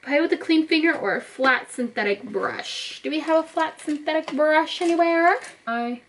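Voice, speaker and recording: A woman's voice: high voice, normal speed, slight background noise, low-quality recording. A young woman vlogger chatting casually as she talks viewers through her makeup step by step. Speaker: beauty vlogger. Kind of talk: casual makeup tutorial talk.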